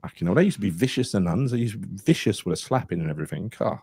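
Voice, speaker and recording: A man's voice: lowish voice, expressive, rapid-fire, darkish tone, breathy edge. A man, co-hosting a live football podcast, telling stories with lots of swearing and laughter. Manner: swearing, storytelling, laughs a lot. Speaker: podcast co-host.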